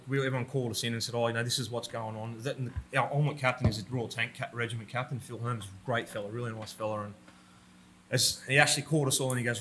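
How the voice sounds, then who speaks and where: Bright-voiced Australian man telling blunt war stories. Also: mid-range voice, slight background noise. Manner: profane, blunt, laughs through his own stories. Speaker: podcast guest, army veteran. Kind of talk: conversational war storytelling. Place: room with a roller door.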